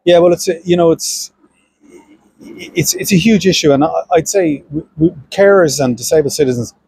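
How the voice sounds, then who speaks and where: A man's voice: fairly high pitch, moderate pace, gravelly, darkish tone, husky, no echo, low-quality recording. A middle-aged Irish man, a senator, speaking earnestly in an interview with frequent restarts and fillers. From Ireland. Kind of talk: political interview.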